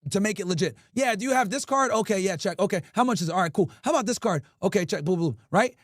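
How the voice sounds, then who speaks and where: A man's voice: sits high, animated, fast, no echo, clean studio sound. A young adult man hosting a livestream, telling a profane, rambling story and tagging "right?" onto his lines. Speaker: livestream host. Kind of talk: casual storytelling monologue.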